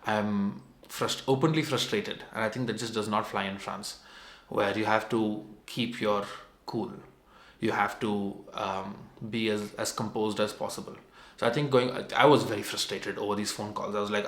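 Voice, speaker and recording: A man's voice: fairly low pitch, steady tone, moderate pace, a bit bright. A young adult man telling a personal story as a vlogger, in a meandering, conversational and self-mocking way. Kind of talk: casual storytelling. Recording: roomy echo.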